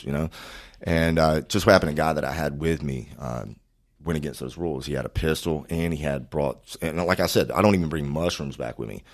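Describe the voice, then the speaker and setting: A man's voice: extremely low pitch, darkish tone. A man, a podcast guest telling a story casually, profane and rambling with lots of fillers.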